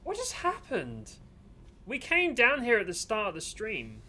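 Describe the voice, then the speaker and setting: A male game streamer with a high, bright voice, chatting casually over his gameplay. His pitch swings all over the place as he jokes and grumbles in exasperation. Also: unhurried, a little hiss or hum. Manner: animated, exasperated and joking. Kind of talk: casual gaming commentary.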